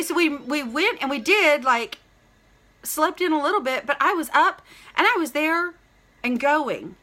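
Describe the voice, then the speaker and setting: A middle-aged woman, chatting casually to camera in a rambling, excited way, full of "like" and "literally" and greeting viewers by name. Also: a little high. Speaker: vlogger.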